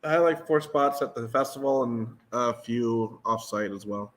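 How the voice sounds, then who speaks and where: A comedian chatting casually with a host, giving brief, easygoing replies. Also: male voice, mid-range voice, moderate pace. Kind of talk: casual chat.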